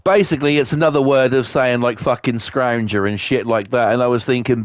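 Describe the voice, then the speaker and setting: A man's voice: steady tone, a little fast, few pauses, no echo. A man streaming to a live chat, ranting angrily and swearing a lot, coughing now and then. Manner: angry, sweary rant with big pitch swings.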